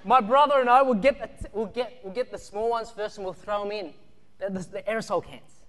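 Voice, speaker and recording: A man preaching a sermon, telling childhood stories with animated energy, shouts and laughter. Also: high voice, a little fast. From Australia. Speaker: pastor. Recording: long hall reverb.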